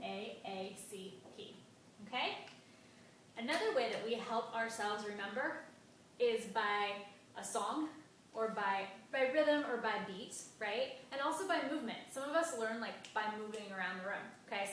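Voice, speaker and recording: An upbeat woman teacher leads a grammar lesson, chanting syllables and clapping out the beat in an encouraging way. Her voice is bright and a little high. She sounds far from the mic in a very echoey room, with a faint hiss underneath. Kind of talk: classroom-style grammar lesson.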